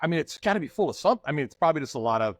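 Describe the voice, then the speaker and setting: A man co-hosting a podcast in casual chat, jokey and quick to react loudly. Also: fairly high pitch, sing-song, dry recording, studio quality. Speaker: podcast co-host.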